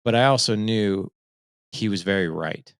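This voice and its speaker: Man, forties, low gravelly voice, earnest storytelling, keeps asking "right?". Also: moderate pace, no echo, studio quality. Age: 40s. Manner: earnest and emphatic, often checks in with "right?". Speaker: fatherhood coach and podcast host, here a guest. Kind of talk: conversational storytelling.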